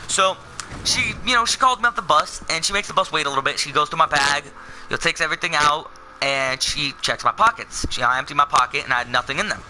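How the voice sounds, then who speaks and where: A man's voice: fairly high pitch, quick pace, sharp tone, a little hiss or hum, rough recording. A young man telling a personal story in a casual, rambling way, full of fillers and self-corrections. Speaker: vlogger.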